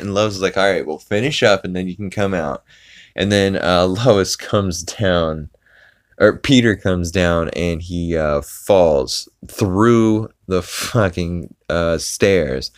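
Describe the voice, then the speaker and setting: Podcast host, man, low and smooth, casual rambling recap, frequent fillers. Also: measured pace. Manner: rambling, laughing, swearing, many fillers.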